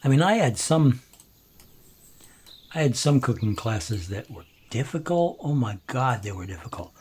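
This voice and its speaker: A man's voice: mid-range voice, very animated, measured pace, a little mellow, a little hiss or hum. A man casually telling a rambling story while playing a game, chuckling and restarting sentences. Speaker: gameplay commentator.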